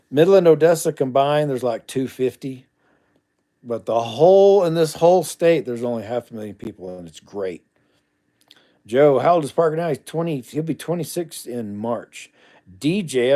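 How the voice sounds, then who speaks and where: A man's voice: medium pitch, mellow. A middle-aged man hosting a casual livestream, reading viewer comments aloud and answering them bluntly, with asides muttered under his breath.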